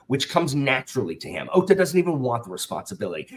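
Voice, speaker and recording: A man's voice: medium pitch, sing-song, fast talker, few pauses. A man hosting a casual book discussion on a video call, talking animatedly and acting out characters' lines. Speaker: booktube host.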